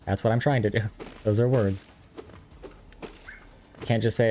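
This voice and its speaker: A man's voice: fairly low pitch, fairly even intonation, normal speed, mellow, slight background noise. A young man from Texas, a game streamer, chatting casually and self-deprecatingly with viewers as he plays. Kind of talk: casual live-stream chat while gaming. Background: faint game music.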